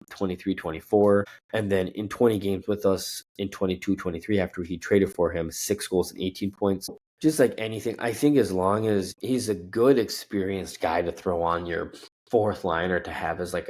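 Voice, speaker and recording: A man's voice: low-pitched, darkish tone. A man from Minnesota hosting a casual sports talk show, rambling and correcting himself with lots of fillers. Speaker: sports podcast host.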